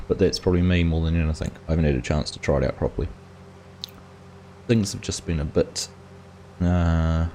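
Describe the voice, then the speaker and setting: A man's voice: low-pitched, dark tone, a little hiss or hum. An Australian man hosting a live game stream, casually chatting and greeting viewers in chat by name as he plays. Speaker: gaming streamer host.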